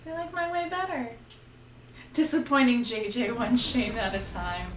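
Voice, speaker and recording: Playful woman, high voice, teasing stream guest; distant mic, noisy background. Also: roomy sound. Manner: playful, teasing, quick asides. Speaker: guest co-host on a game stream. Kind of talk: casual joking chat.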